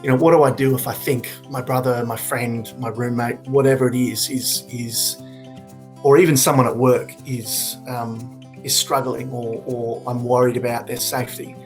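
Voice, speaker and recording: A man in his forties giving candid, earnest personal testimony, reflective and halting with frequent restarts. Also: mid-range voice, little pitch movement, soft background music. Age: 40s. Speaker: suicide prevention speaker.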